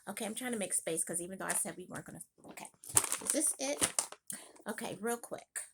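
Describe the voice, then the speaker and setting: A woman chatting casually in a home makeup vlog, thinking aloud with quick exclamations. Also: medium pitch, animated, creaky, very noisy. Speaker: beauty vlogger. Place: home room.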